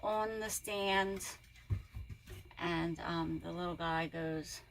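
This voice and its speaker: A woman's voice: lowish voice, fairly even intonation, slow pace, rough recording. A woman reseller chatting casually and telling rambling stories while she packs orders. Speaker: reseller vlogger. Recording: loud background noise.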